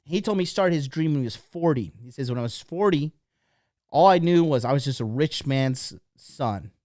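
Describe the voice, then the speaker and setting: A man's voice: a little high, lively intonation, moderate pace, darkish tone, no echo, studio quality. A man in his thirties, a dating coach telling a rambling story in a blunt, profane motivational monologue.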